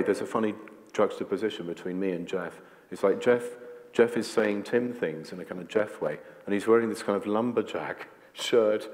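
A man speaking as guest at an onstage talk before an audience, rambling and jokey, full of "like" and restarts. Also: low voice. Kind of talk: onstage conversation before a screening. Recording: long hall reverb.

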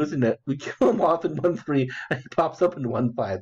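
This man narrates his online strategy match at a moderate pace, his voice a little high, slightly mellow and a bit rough. He rambles, swears, giggles and repeats phrases, recorded with dull lo-fi quality.

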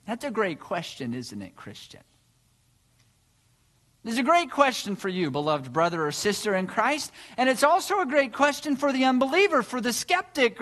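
A man's voice: very high voice, a bit bright. A male pastor preaching a sermon, telling a story with earnest rhetorical questions.

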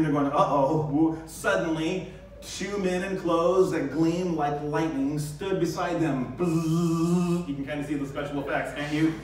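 A male pastor giving a lively sermon, acting out the scenes with sudden high bursts. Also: slight background noise. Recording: very echoey church hall, distant mic.

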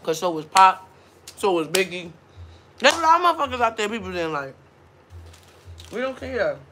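A woman's voice: mid-range voice, very animated, normal speed, sharp tone, soft background music. Blunt, profane woman ranting on a livestream. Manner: blunt, profane, laughs often. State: hungover. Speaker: mukbang livestream host. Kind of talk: casual livestream rant.

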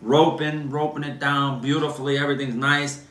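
A man, hosting a casual livestream and telling animated, slangy stories. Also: mid-range voice, moderate pace. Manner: animated, slangy storyteller, lots of "bro" and "man". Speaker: host. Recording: echoey room.

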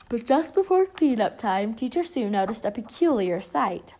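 A woman reading a children's picture book aloud in a lively, expressive way. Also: a little high, moderate pace. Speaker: storybook reader.

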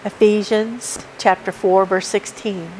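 A woman's voice: medium pitch, steady tone, slow, a little mellow, slight background noise, poor audio. A woman preaching a sermon at a church service, emphatic and repeating her key points as she works through a numbered list. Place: church sanctuary.

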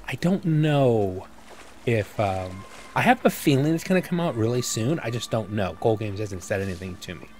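A man's voice: lowish voice, a little mellow. A man giving casual let's-play commentary as a gaming YouTuber, rambling and self-mocking as he thinks aloud.

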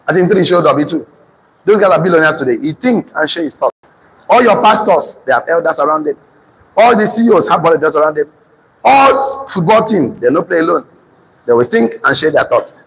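A man's voice: on the high side, a bit bright, breathy edge. A man with a Nigerian accent giving a preachy motivational class, emphatic and repetitive, dictating lines for notes in a hall with a live class. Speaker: class teacher and motivational speaker. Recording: reverberant hall.

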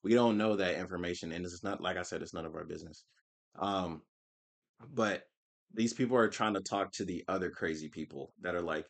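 A man's voice: low-pitched, brisk. A man giving casual, slangy reaction commentary with lots of swearing. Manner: slangy, emphatic, swears a lot. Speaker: reaction streamer.

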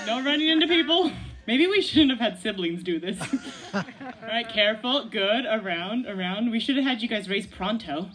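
A woman's voice: a little high, fairly bright tone. A woman leading a children's story outdoors at a church service, playful, laughing and asking the kids questions. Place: outdoors by a gazebo.

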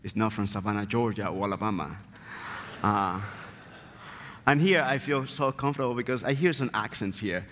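Dominican-accented preacher in a reverberant church. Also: male voice, on the low side, moderate pace, fairly bright tone, slight background noise. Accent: Dominican Spanish. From Dominican Republic. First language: Spanish. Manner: earnest, emphatic, repeats key phrases. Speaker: guest preacher. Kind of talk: sermon. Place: church sanctuary.

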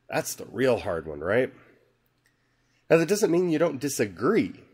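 A man hosting a podcast, reading a scripture passage slowly and musing on it in an earnest, conversational way. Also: lowish voice, breathy edge. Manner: slow, earnest, musing aloud. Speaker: podcast host. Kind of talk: reflective scripture talk.

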